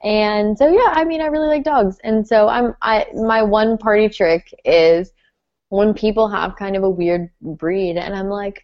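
A woman co-hosting a podcast, chatting casually in an animated, giggly way with playful bragging. Her voice sits in a middle pitch range, and the recording sounds a little dull and lo-fi. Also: a little slow, dry recording. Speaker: podcast co-host. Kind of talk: casual chat.

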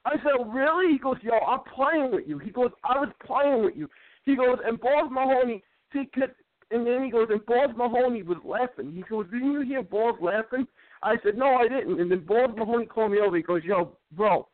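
Man, high voice, rambling storyteller who stammers and repeats words, on a dry, tinny phone-quality line. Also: a little fast, no echo. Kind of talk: casual chat.

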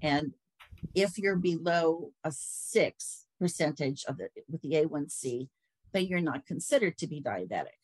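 A middle-aged woman telling her own story in a casual interview, chatty and animated when she quotes others. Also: deep voice, measured pace, husky, no room sound, rough recording. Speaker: guest.

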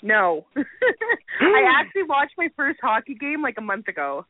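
A woman's voice: high voice, wildly swooping pitch, unhurried, no room sound. A young Canadian woman with a Canadian accent, chatting as a guest in a casual interview, laughing often and filling her talk with "like". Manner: giggly, lots of "like" fillers. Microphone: phone. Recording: tinny phone line.

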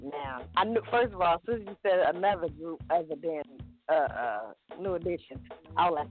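Excited, slangy male co-host. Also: a little high. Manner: excited, slangy, quick asides. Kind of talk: casual show chat. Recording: tinny phone-like sound with faint music.

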